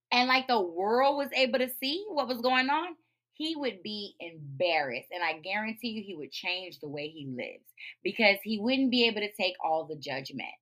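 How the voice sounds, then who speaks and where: A woman hosting a podcast, talking in a profane, emphatic, animated rant. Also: on the high side. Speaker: podcast host. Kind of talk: casual ranting monologue.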